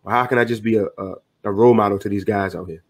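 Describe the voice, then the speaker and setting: A man's voice: on the low side, steady tone, fast. A middle-aged man talking earnestly as a podcast guest, motivational and loose with slang. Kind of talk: casual podcast conversation.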